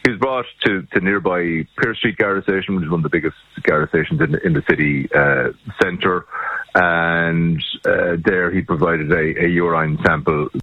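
A man with a very low, husky voice reports the story haltingly, stumbling over his words. The sound is dull and lo-fi, like a remote line. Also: steady tone, dry recording. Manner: hesitant, repeats words. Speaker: journalist. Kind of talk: phone-in news report.

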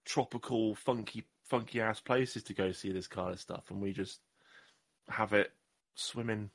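A man from Southwest England co-hosts a podcast, trading casual, jokey banter and often stumbling over his words. His voice is fairly low, gravelly, and unhurried.

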